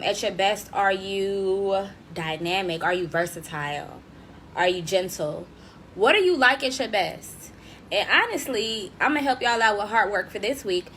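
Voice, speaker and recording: Over a desk microphone with a bit of background noise, a young female host chats with her livestream audience in a mid-range voice. She's lively and full of slang, laughing frequently as she addresses viewers and reads out what they write.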